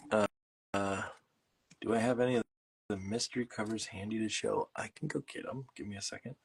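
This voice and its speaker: A man's voice: on the low side, steady tone, fairly quick, creaky, husky. A man hosting a casual livestream from a home studio, explaining things in a rambling way with plenty of fillers while he works on art. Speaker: host.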